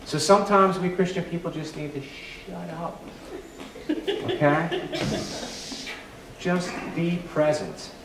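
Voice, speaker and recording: A man's voice: fairly high pitch, slow pace, long pauses, noisy background. A man preaching a sermon as a pastor, in a conversational, emphatic and self-deprecating way. It sounds like an echoey church hall heard from a distance.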